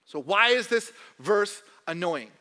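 A young man preaching a sermon in a church hall, joking and animated, putting on mock voices of doubters. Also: high voice, unhurried. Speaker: pastor.

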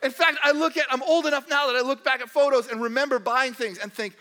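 Young male pastor, very high and bright voice, humorous sermon with mock voices, long church reverb. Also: fairly even intonation, quick pace. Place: church hall.

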